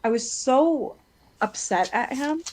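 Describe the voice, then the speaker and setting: A woman's voice: sits high, lively intonation, takes it slowly, low-quality recording. Blunt, cursing woman in casual chat. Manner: blunt, swears freely, retells her son's words.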